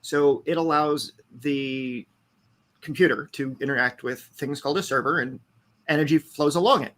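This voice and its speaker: A man's voice: on the high side, normal speed, fairly bright tone. A man talking as a podcast guest in a loose, rambling and profane casual chat.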